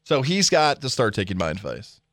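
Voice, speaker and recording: A man's voice: medium pitch, very animated, fairly quick, fairly bright tone, no room sound, clean studio sound. A man co-hosting a sports radio show, teasing and wry in casual banter.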